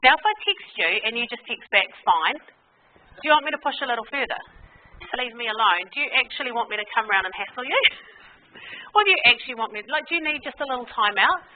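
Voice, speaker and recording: Lively New woman, tinny sound. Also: fairly high pitch, rapid-fire. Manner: lively and candid, acts out quotes and laughs easily. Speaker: conference speaker. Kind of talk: informal faith talk to an audience.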